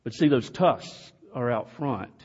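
Slow-preaching man in a reverberant church. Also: medium pitch, lively intonation. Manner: slow, earnest preaching with sudden loud calls. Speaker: pastor. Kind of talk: sermon. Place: church sanctuary. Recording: dull, distant sound in a reverberant hall.

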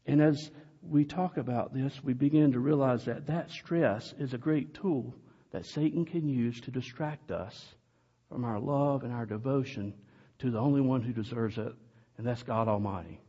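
A pastor delivering an earnest sermon in a church, speaking slowly with occasional loud calls to the congregation. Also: male voice, mid-range voice, breathy edge. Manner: slow, earnest preaching with sudden loud calls. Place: church sanctuary. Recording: dull, distant sound in a reverberant hall.

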